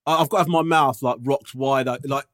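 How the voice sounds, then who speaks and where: A man's voice: mid-range voice, fairly even intonation, brisk, a bit bright, dry recording, studio quality. A man co-hosting a casual podcast, telling a story, swearing and laughing often. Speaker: podcast co-host.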